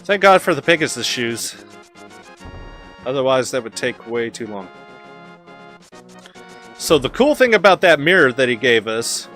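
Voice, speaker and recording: A man's voice: medium pitch, a bit bright. A man chatting casually while playing a video game, giggly and self-mocking as he talks. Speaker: let's play host. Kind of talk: casual gameplay commentary.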